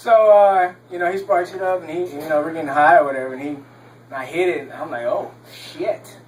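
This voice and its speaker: A man's voice: a little high, normal speed, recorded from a distance, rough recording. A young man from Texas doing a stand-up comedy set on a club stage, rambling with lots of ums and laughing at his own jokes.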